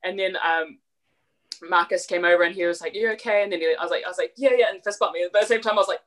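A young woman with a New Zealand accent, a podcast guest telling stories in casual chat, quick and full of fillers. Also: on the low side. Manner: rapid, animated storytelling with many fillers.

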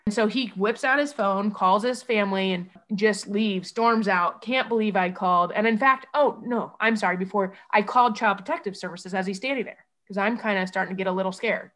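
Woman from iowa telling her own story, halting and emotional, keeps restarting sentences. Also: mid-range voice, fairly bright tone. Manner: halting, emotional, many false starts. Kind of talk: personal recounting.

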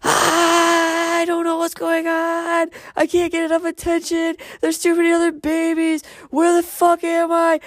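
A man voicing a panicking baby girl who wails and shrieks in a frantic high voice. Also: monotone, measured pace, few pauses, fairly bright tone, no room sound.

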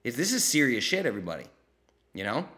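A man with a bright, forward voice hosts a live question-and-answer session. He talks bluntly and gets fired up, throwing in swear words for emphasis. He mimics the people he talks about in quoted voices. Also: medium pitch, sing-song, fast talker. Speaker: podcast host answering listener questions. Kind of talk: live Q&A chat.

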